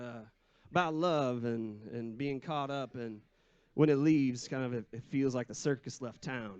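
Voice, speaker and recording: A man's voice: mid-range voice, no echo. A singer-songwriter man chatting between songs on a live bar stage, rambling and easygoing with many fillers. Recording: lo-fi live bar stream with music.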